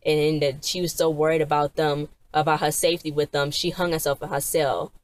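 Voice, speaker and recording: A woman's voice: sits low, fairly quick. A woman retelling a TV episode in a casual, rambling way, with many fillers and restarts. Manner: animated, acts out characters' lines. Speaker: TV episode reviewer.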